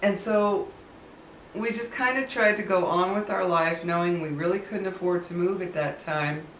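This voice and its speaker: A woman's voice: lowish voice, moderate pace, fairly bright tone, reverberant, recorded from a distance, slight background noise, low-quality recording. A woman in a casual vlog who tells a personal story earnestly and keeps stressing that it really happened. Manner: earnest, emphatic, insists the story is true. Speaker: vlogger.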